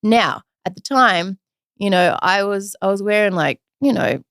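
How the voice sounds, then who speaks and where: Chatty woman with a gravelly edge. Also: medium pitch, unhurried, no room sound, studio quality. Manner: chatty, animated retelling with quoted voices. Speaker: podcast guest, usual host. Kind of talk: casual storytelling interview.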